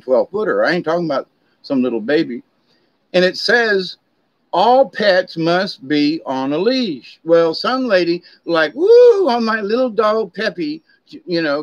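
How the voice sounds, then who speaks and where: A man's voice: a little high, dry recording. Rambling man with a dull, dry sound. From Florida, USA. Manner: chatty storyteller, drifting off on tangents. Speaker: vlogger. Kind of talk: rambling casual monologue. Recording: slightly dull, dry recording.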